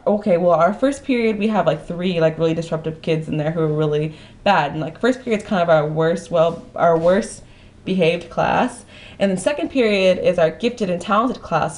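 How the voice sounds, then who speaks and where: A woman's voice: lowish voice, a little mellow. A young woman with a Kentucky accent telling a rambling story to her vlog, full of restarts and "like.". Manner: rambling, many restarts, lots of "like". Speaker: vlogger.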